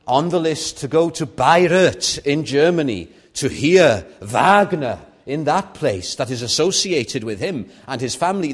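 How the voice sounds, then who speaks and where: A man's voice: medium pitch, slightly rough. Earnest man preaching a sermon. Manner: earnest, personal, with sudden soft drops and raised stresses.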